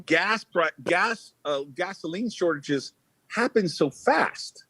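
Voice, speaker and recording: A man's voice: sits high, expressive, moderate pace, sharp tone, soft background music, poor audio. A man hosting a talk show over a remote link, pressing his co-host with questions. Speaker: show host, company chairman. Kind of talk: casual show banter. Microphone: remote call.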